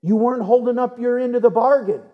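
A man's voice: very high-pitched, quick pace, phone-quality sound, voice pushed up. A man voicing God as a firm, fatherly figure giving a warning. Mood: stern. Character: stern God, rebuking and instructing.

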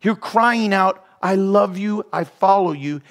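A man preaching a sermon to his church, telling stories with animated swings and dropping to soft whispers for emphasis. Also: high-pitched, slow, hardly any pauses. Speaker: pastor. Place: church hall.

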